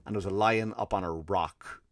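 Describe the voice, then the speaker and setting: A man's voice: deep voice, a little fast, no room sound, studio quality. An Irish man, a comedian hosting his podcast, tells a comic story in a profane, exasperated rant and acts out the people in it. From Ireland. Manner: profane, exasperated ranting with acted quotes.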